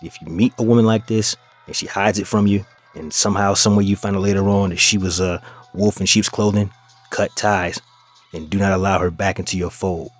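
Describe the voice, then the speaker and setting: A man's voice: sits low, steady tone, brisk, faint music behind. A man hosting a reaction video, giving mocking commentary and addressing his listeners as fellas.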